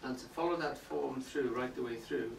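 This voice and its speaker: A man's voice: medium pitch, moderate pace, creaky. Man lecturing in an echoey room. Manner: explanatory, often checks in with the audience. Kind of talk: public talk on poetry. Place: indoor room with a live audience. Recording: roomy, distant, faint hiss.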